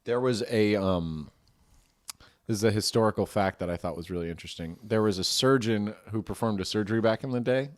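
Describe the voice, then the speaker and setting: A man's voice: fairly low pitch, fairly quick. A man co-hosting a comedy podcast, telling a story in casual chat, laughing often and acting out quoted lines. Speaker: podcast co-host.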